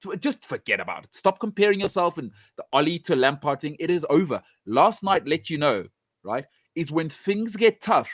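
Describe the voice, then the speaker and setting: A man's voice: on the high side, big pitch swings, moderate pace, no room sound. A man giving blunt, emphatic football opinions, speaking straight at the fans and hammering his points by repeating them. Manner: direct address to fans. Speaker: football pundit. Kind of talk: opinionated sports talk.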